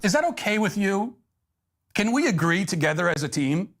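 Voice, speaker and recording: A man in a played clip of talk commentary, speaking in a calm, firm, matter-of-fact way. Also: high-pitched, moderate pace.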